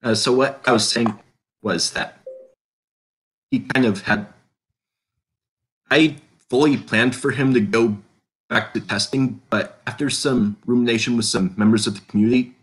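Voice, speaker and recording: A man's voice: mid-range voice, steady tone, a little slow, long pauses. A man co-hosting a casual podcast, explaining his choices in long, rambling, self-correcting sentences. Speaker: podcast co-host, character creator.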